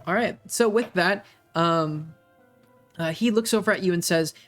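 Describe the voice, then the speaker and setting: A game master narrating a tabletop game, halting often with uhs and ums. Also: medium pitch, fairly bright tone, faint music behind. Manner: halting, filled with many uhs.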